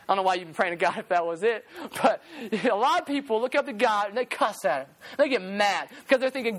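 A preacher giving a storytelling sermon, animated, repeating phrases for emphasis and now and then singing a line. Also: medium pitch, fairly quick, few pauses.

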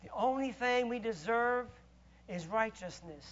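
High, bright-voiced preaching man. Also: animated, a little slow, dull audio. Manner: emphatic, swinging between loud exclamations and low asides. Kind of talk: sermon.

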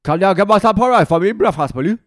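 A man putting on a loud, deliberately garbled Geordie accent as a comic working-class man. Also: sits high, lively intonation, dry recording, clean studio sound, voice pushed up. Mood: demanding. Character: shouty comic Geordie man wanting breakfast.

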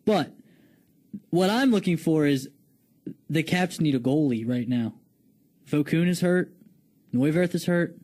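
A man's voice: on the high side, animated, measured pace, pauses often, darkish tone. A man co-hosting a casual radio show, opinionated and stumbling over his words when eager. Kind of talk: casual radio talk and sports chat.

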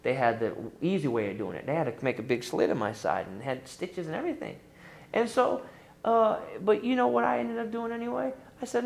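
A middle-aged man preaching a sermon as pastor, lively and emphatic, pushing up into high exclamations. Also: fairly quick, vocal fry. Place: church sanctuary. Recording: echoey church room.

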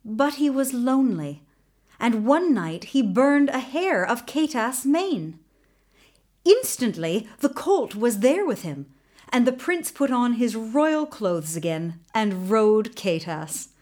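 A woman telling a folktale aloud with expressive, deliberate narration. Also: a little high. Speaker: storyteller. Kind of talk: folktale storytelling.

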